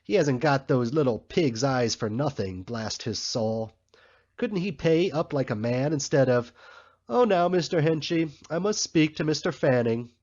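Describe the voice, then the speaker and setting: A man voicing a bustling, grumbling male election canvasser in a storybook reading, with a husky, slightly muffled sound. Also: mid-range voice, expressive, darkish tone. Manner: brisk, grumbling, complaining.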